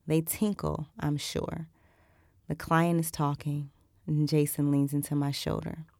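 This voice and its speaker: Audiobook narrator, female, low gravelly voice, dry close sound, intimate erotic reading. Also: darkish tone, no room sound. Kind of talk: first-person erotic fiction narration.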